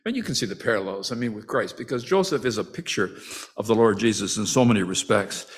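A man's voice: on the low side, expressive, fast. Man preaching a conversational sermon. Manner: conversational, with frequent restarts and asides; acts out the brothers' quoted lines with rising emotion.

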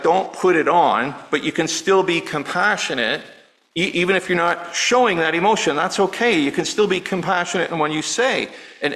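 A middle-aged male pastor preaching a sermon in an earnest, personal way, dropping low and quiet on words of grief. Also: rough recording. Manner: earnest, personal, softening to near-hush on grief.

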